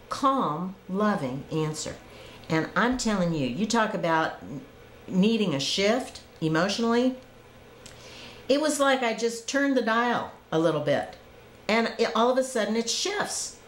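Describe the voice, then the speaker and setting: A woman's voice: fairly low pitch, echoey room, slight background noise, rough recording. A woman giving an earnest, reflective spiritual testimony, stressing points by repeating them. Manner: earnest, reflective, emphatic repetition. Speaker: speaker recording personal spiritual tapes. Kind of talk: personal spiritual testimony monologue.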